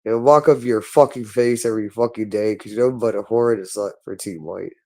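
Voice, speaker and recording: A man's voice: fairly low pitch, brisk, mellow. A man speaking in a hostile, repetitive monologue, berating someone and swearing constantly. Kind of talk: angry monologue.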